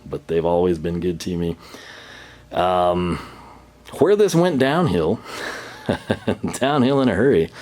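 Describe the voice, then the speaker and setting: Deep-voiced man telling a story. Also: darkish tone. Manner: rambling, laughs often, acts out quoted voices. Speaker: channel host. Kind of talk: casual storytelling vlog.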